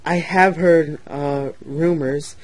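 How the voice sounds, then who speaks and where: A man's voice: a little high, fairly even intonation, takes it slowly. A man voicing a small, kind male tank engine who speaks politely and stands up for others. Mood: apologetic.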